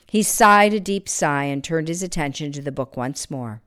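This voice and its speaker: A woman reading a Christmas story aloud, expressive, sometimes dropping to a near-whisper. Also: sits low, normal speed.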